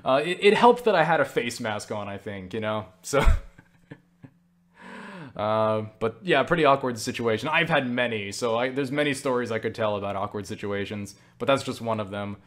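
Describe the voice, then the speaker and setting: Talking to camera on his own channel, this young host answers viewer questions through a webcam mic in a mid-range, fairly bright voice with lively inflection and a moderate pace. His storytelling wanders, stuffed with "like" and "you know," and he swears offhandedly while mocking himself.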